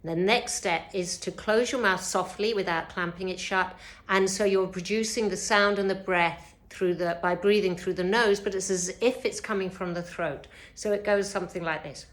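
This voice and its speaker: A woman teaching a yoga breathing lesson, speaking gently and unhurriedly, with frequent fillers and a slightly sore throat. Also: medium pitch, steady tone, normal speed, hardly any pauses.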